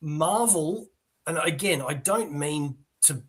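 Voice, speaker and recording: An Australian man chats about comics and gives his opinions bluntly. His voice is husky and sits a little high, and his delivery is relaxed but frank. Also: slow pace. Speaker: comics channel host. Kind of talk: casual chat.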